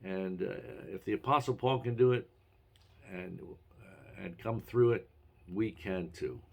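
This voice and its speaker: A male preacher delivers a short devotional in an earnest, encouraging tone. His voice sits low and has a gravelly rasp. He now and then pauses on an "uh" as he talks. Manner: earnest, encouraging, with some hesitations. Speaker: pastor. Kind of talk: devotional radio message.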